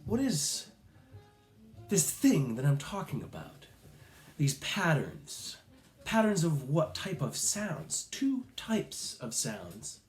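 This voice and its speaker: Guy teaching kids music, slow and patient, bouncy voice, echoey room, some music in the back. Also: on the high side, huge pitch swings. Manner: slow, patient and encouraging, with playful animal sounds. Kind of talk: recorded music lesson for children.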